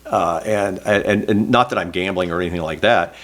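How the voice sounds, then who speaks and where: A man's voice: low voice, normal speed, fairly bright tone. A middle-aged man from Oklahoma, a former state senator, telling earnest, self-deprecating stories in an oral history interview. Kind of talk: reflective oral history storytelling.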